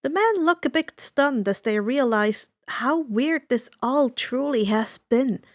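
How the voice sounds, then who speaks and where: A woman narrating a fan fiction story aloud in a steady storytelling manner. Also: high voice, slow pace, no room sound, studio quality. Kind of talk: audiobook narration.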